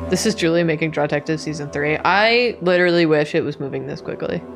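Woman on a gaming stream, lower voice, jokey and chatty, faint music under. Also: fast talker. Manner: joking, chatty storyteller. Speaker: streamer co-host. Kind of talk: casual gaming stream chat.

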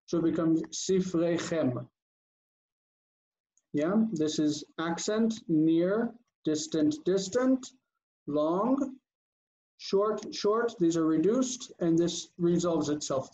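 Slow, dark-toned man teaching on a call. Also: fairly high pitch. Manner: slow, deliberate drilling, often checks with "Okay?". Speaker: Biblical Hebrew teacher. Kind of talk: online grammar lesson. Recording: dull lo-fi call audio, faint noise.

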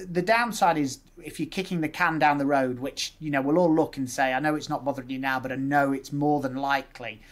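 A man's voice: medium pitch, steady tone, fairly quick, hardly any pauses. A man, a guest dentist talking through his practical methods step by step. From West Yorkshire, England. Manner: practical, explains step by step, uses patient scripts. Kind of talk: casual interview chat.

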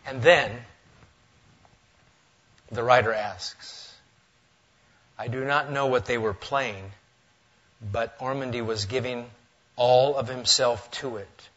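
A male pastor preaching a sermon in a church, lively and swinging between loud, emphatic lines and hushed asides. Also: mid-range voice, takes it slowly, pauses often, muffled recording. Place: church sanctuary.

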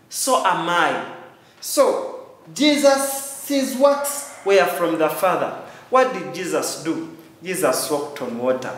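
A man's voice: high-pitched, fairly bright tone. A man teaching a children's sermon in church, asking "Amen?" and repeating key lines. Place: church hall. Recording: very echoey church hall.

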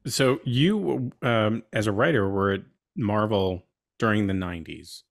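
Low-voiced male interviewer. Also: unhurried, creaky, no room sound, studio quality. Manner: curious, asks long rambling questions. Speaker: host. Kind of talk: interview questions.

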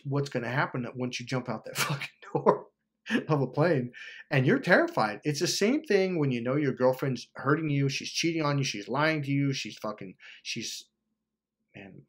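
A man in a passionate, profane motivational monologue, acting out quoted voices and swinging between loud urging and low muttering. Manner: acts out quoted voices of himself and others. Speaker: self-help vlogger.

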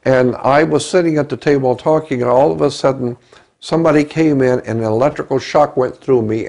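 An older man recounting a personal experience as an interview guest, slow and halting, often repeating words. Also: mid-range voice, vocal fry, darkish tone.

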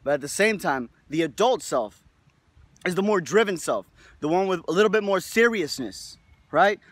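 A man's voice: high-pitched, animated, normal speed, fairly bright tone, no room sound. A young man giving a casual, rambling motivational monologue to his viewers, swearing freely and tagging sentences with "right?". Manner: rambling, profane, lots of "right?" tags. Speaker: video host.

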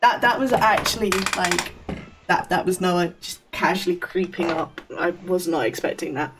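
A woman's voice: lowish voice, moderate pace, far from the mic, background noise. A woman chatting casually on a game live stream, rambling with stammered restarts and frequent laughs.

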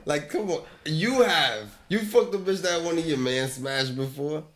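A man's voice: fairly high pitch, animated, a little slow, fairly bright tone, a little hiss or hum. A man as a podcast guest in casual chat, pushing and teasing the others. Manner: pushy, teasing banter.

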